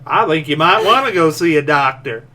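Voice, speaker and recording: Brief: male podcast host, lively and teasing, casual comedic chat. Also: fairly high pitch, moderate pace. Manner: teasing and jokey.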